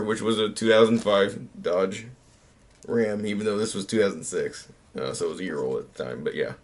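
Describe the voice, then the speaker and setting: A man's voice: lowish voice, fairly quick. Rambling man in his thirties, easygoing. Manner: rambling, self-mocking, trails off. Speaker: YouTuber. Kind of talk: casual late-night chat.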